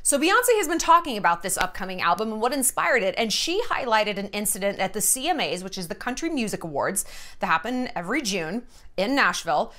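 A woman's voice: medium pitch, sing-song, brisk, bright, forceful tone. A woman in her thirties hosting a casual vlog from home, talking bluntly and putting on an exaggerated Texas drawl. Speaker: vlogger host. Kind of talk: casual to-camera commentary.

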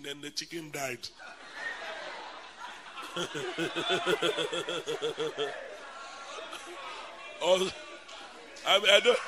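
A man preaching a sermon as a bishop, telling stories animatedly and calling out a list with loud, stressed emphasis. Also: a little high, noisy background. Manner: animated, bursts into loud emphatic shouts and laughter; lists items in a loud, stressed cadence. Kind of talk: sermon with comic storytelling.

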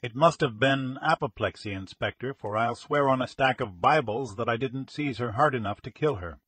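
A man's voice: medium pitch, normal speed, a bit bright, husky, no echo. A man voicing an earnest young jewelry salesman who speaks in a formal, insistent way, read as an audiobook character. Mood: recounting.

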